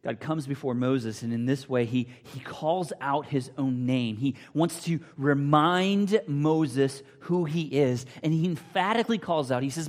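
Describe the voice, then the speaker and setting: A man's voice: medium pitch, unhurried, hardly any pauses. Guy preaching a sermon, emphatic, repeats himself, drops to whispers, big echoey hall. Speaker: pastor. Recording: long hall reverb.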